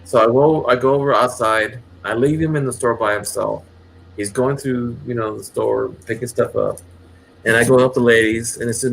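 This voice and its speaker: A man's voice: mid-range voice, brisk, gravelly, slight background noise. A man casually telling a long, rambling story, with many restarts and acted quotes. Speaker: channel host.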